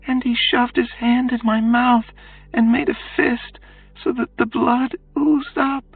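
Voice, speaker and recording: A woman voicing a weary young captive woman, speaking in a quiet, halting confession for an audiobook, over faint music. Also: a little high, steady tone, gravelly, breathy edge, no echo, heavily acted. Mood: haunted. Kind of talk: audiobook character voice. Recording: distant tinny phone-like sound, faint music.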